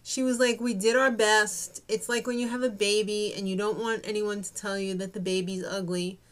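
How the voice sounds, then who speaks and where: A woman's voice: medium pitch, fairly even intonation, a little fast. A young woman giving a snarky, gossipy recap of a reality show. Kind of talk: casual TV recap commentary.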